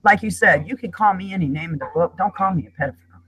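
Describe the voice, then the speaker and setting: A woman's voice: on the low side, fast talker, a bit bright, poor audio. A middle-aged woman speaking as a guest in an emotional panel discussion, talking in an impassioned, emphatic way.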